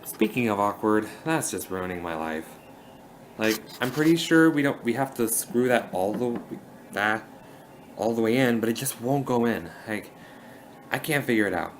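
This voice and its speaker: A man's voice: on the low side, animated, normal speed, slight background noise, poor audio. A young man casually vlogging a home project in his bedroom, rambling and often restarting his sentences.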